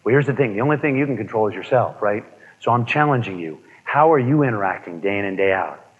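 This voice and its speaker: A man giving a live motivational seminar, energetic, asking the room questions and repeating key points. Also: lowish voice, fast talker, breathy edge. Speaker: motivational speaker. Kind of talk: live seminar talk to an audience. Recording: dull lo-fi audio with long reverb.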